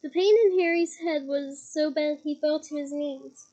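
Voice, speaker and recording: Young woman with a head cold reading a novel aloud, high, mellow voice, dramatic storytelling. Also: fairly even intonation, normal speed, poor audio. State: head cold, occasional coughing. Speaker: reader.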